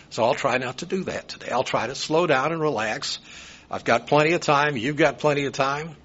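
A man's voice: medium pitch, a bit bright, breathy edge. A man, preaching a sermon in a folksy, rambling way with personal asides. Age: 70s. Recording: dull lo-fi sound.

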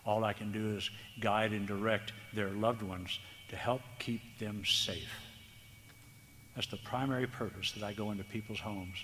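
A man preaching a sermon, earnest and tender, speaking slowly with emphasis. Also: lowish voice, steady tone, a bit bright. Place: church hall. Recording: long hall reverb, faint background noise.

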